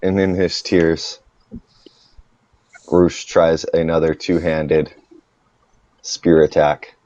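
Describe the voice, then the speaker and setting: A man narrating as game master in an online tabletop game, relaxed and playful. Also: a bass voice, slow pace. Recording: slightly dull lo-fi voice call.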